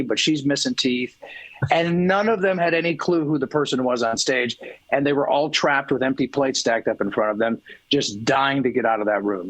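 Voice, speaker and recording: A man's voice: mid-range voice, a bit bright, dry recording, rough recording. Crude, storytelling man, dry sound. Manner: crude storytelling, swears freely. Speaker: guest musician. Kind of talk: casual podcast chat.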